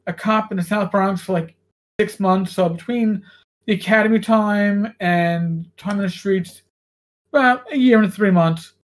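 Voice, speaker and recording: Animated former cop telling stories. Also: male voice, sits high. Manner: animated storyteller, swears freely. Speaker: podcast host, former police officer. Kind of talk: casual chat, storytelling.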